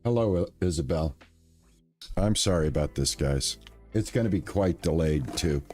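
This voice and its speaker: A man chatting casually on a live stream, relaxed and thankful, with lots of fillers and restarts. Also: sits low, normal speed, faint music behind.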